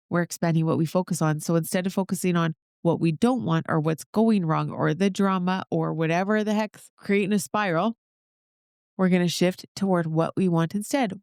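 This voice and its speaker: Woman podcast host, solo talk, upbeat and encouraging, slight vocal fry, dry close sound. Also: on the low side, a little mellow, no room sound. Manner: upbeat, encouraging, talks straight to listeners.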